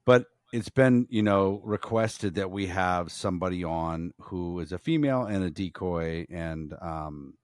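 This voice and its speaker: Deep-voiced man hosting a podcast. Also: darkish tone, no room sound, studio quality. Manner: rambling, halting, profane. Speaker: podcast host. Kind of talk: casual podcast chat.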